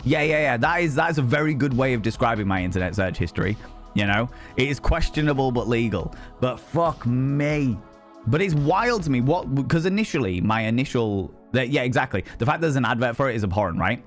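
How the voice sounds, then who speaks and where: A middle-aged man rants to his live-stream chat, swearing freely and restarting his sentences as he gets worked up. His voice sits at an ordinary middle pitch. Soft music plays quietly underneath. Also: animated, a little fast. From United Kingdom. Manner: heated, sweary, rambling with restarts. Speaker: livestreamer.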